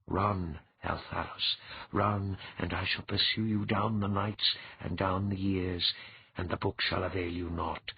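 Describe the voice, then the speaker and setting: A man reading an audiobook, voicing an ancient, menacing male god who speaks slowly and solemnly. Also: deep voice, fairly even intonation, gravelly, a little hiss or hum. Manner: slow, solemn, threatening. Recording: dull lo-fi.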